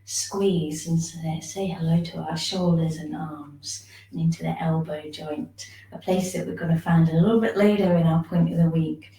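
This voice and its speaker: A woman teaching a shiatsu class, giving gentle, soothing step-by-step instructions for self-massage. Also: low voice, echoey room, far from the mic, low-quality recording. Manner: gentle, soothing instructions, yawning now and then.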